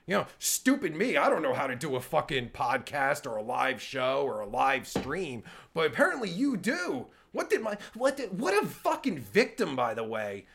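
A man's voice: a little high, huge pitch swings, moderate pace, vocal fry, hardly any pauses, a bit bright. A man hosting a live-streamed reaction show, sarcastic and stammering, swearing constantly as he rants. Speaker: podcast host reacting to a clip. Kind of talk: angry profane reaction commentary.

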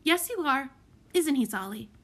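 A woman voicing a bossy, clever young orphan girl who gives firm orders in a lively, high voice. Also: moderate pace.

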